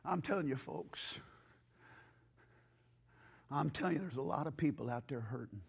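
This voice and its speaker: A male pastor preaching a sermon in a church with impassioned, rising delivery, hoarse from losing his voice. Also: mid-range voice, animated, normal speed.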